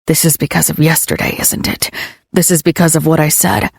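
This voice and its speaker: Woman reading as a troubled young man, gruff and halting, gravelly rasp, dry close sound. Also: no echo. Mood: defensive. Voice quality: low rasping voice.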